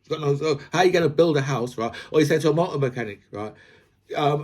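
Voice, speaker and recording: A man's voice: mid-range voice, a little fast, darkish tone, breathy edge. A man hosts a casual commentary vlog. He rambles and builds his points through analogies, peppering his talk with "right?" and "you know". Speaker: host.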